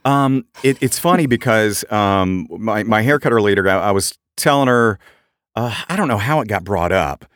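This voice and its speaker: A middle-aged man co-hosting a podcast, telling animated anecdotes in casual chat and jumping up in pitch for quoted voices. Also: moderate pace, no echo, studio quality. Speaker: podcast co-host.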